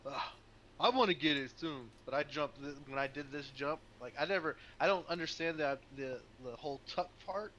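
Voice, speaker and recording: Brief: male player, rambling, animated, noisy recording. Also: fairly high pitch, moderate pace, muffled recording. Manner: rambling, animated, lots of fillers. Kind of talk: tabletop game chat.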